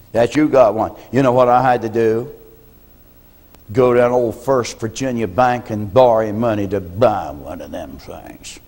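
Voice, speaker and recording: An older man preaching a sermon as a pastor, telling folksy stories and often clearing his throat. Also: medium pitch, darkish tone. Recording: reverberant church hall.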